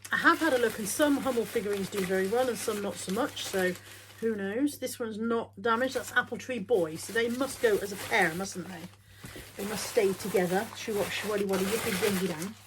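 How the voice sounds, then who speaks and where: A middle-aged woman chatting casually as she shows off her bargain finds, wry and thinking out loud. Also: medium pitch, moderate pace, slight background noise. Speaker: reseller showing bargain finds.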